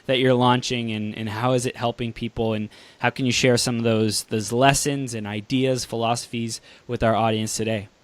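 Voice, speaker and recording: A man's voice: mid-range voice, fairly even intonation, moderate pace, hardly any pauses, no room sound. A man hosting an interview, asking questions and giving supportive, affirming murmurs. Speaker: host.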